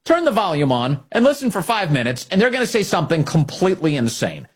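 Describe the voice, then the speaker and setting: A man's voice: high voice, very animated, fast, slightly rough. A man hosting a political commentary show, speaking emphatically and indignantly and repeating key phrases.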